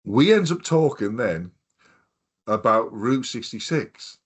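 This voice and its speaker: Medium in pitch, slow and husky yet very animated, this man in his fifties co-hosts a podcast. He chats casually and tells sprawling stories peppered with swearing and quoted voices.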